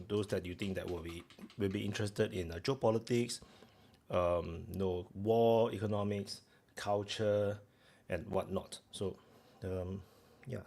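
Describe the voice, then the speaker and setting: On his live stream, a low-voiced man with vocal fry and a slightly mellow sound chats casually with viewers. He rambles, restarts often and pads the gaps with filler talk.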